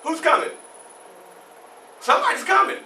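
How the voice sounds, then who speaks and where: A man's voice: very high-pitched, moderate pace, slight background noise, heavily acted. A man playing a defiant freed slave storyteller. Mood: wry. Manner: animated storytelling, shouts at tense moments. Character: formerly enslaved man recounting his youth, defiant. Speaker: historical reenactor. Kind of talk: one-man historical stage performance. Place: library meeting room. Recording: roomy library room, mic far off.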